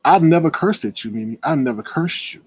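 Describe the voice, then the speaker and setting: A man in a heated livestream rant, confrontational and indignant, swinging between loud outbursts and low muttering, with a husky voice. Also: expressive, a little fast, dry recording. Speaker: live-stream commentator. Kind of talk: heated live-stream rant.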